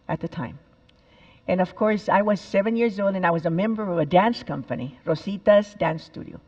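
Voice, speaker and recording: A woman's voice: lowish voice, muffled recording. A woman in her seventies, from El Paso, giving a storytelling talk and repeating phrases for emphasis. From El Paso, Texas. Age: 70s.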